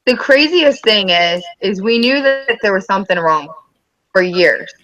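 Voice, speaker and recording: Bright-voiced chatty mom telling stories. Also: female voice, medium pitch, measured pace, no echo, poor audio. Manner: chatty, animated storytelling with acted-out quotes. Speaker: mother of schoolchildren, podcast guest. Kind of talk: casual chat.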